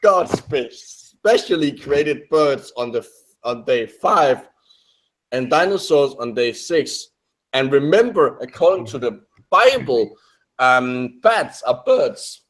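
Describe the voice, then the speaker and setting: A young man talking through a video in casual commentary, at a middling pitch. He often stalls and restarts mid-word, picks his thread back up and breaks into laughter now and then. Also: big pitch swings, slow pace, a bit bright, rough recording.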